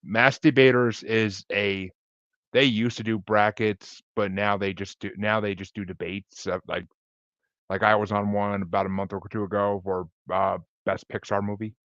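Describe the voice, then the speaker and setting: A man's voice: fairly low pitch, level tone, moderate pace, fairly bright tone, no room sound, highs cut off. A man talking as a podcast guest in a laid-back, chatty, rambling way over a video call. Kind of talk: casual interview chat.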